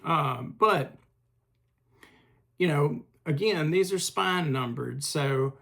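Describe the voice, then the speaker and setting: A man hosting a casual video review of films, talking in a halting way with many filler pauses and a collector's enthusiasm. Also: a little high, vocal fry, pushed and bright. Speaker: film channel host.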